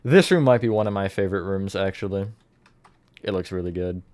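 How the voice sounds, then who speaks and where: A man's voice: sits low, a little fast, darkish tone, no room sound. A man chatting casually on a live stream as he builds in a game, thinking aloud and greeting viewers from the chat.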